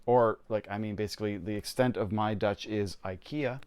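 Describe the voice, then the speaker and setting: A man's voice: fairly low pitch, fairly even intonation, moderate pace, a little mellow, clear, resonant tone. A man from Canada streaming a game, chatting casually, laughing often and poking fun at himself. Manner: chatty, laughing, self-deprecating. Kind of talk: casual gameplay chat.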